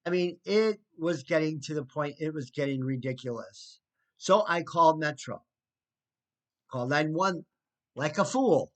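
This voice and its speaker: A man recounts a neighbor dispute in an unhurried, casual storytelling voice. He sounds indignant and slips into sarcastic asides. His pitch sits a touch high for a man, and he often stops to restart a thought. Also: lively intonation. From United States. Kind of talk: casual spoken storytelling to camera.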